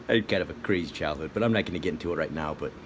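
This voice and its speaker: Deep-voiced rambling middle-aged man. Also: fast talker, slight background noise. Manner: rambling, goes off on tangents. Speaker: vlogger. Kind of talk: casual rambling monologue.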